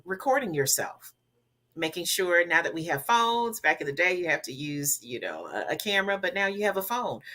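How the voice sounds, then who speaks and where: Emphatic, bright-voiced woman coaching speakers. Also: deep voice. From Southern United States. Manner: emphatic and instructive, repeats key words. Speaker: guest, public speaking coach. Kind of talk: advice in a podcast interview.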